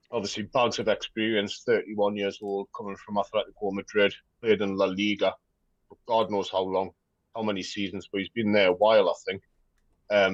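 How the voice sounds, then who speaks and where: Low-voiced man, dull lo-fi sound. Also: dry recording. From Bolton, England. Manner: enthusiastic, repeats words when excited. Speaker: guest pundit. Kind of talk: casual football chat.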